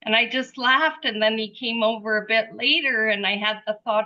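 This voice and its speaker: A woman telling a personal story in a group discussion over a video call, animated and acting out her own thoughts. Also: fairly high pitch, moderate pace, lo-fi sound. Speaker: group participant. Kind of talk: casual spiritual sharing.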